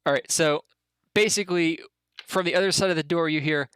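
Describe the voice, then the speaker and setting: A man's voice: on the high side, fairly quick, fairly bright tone, clean tone, no echo. A man narrating a tabletop game as game master, rambling with fillers and laughing often.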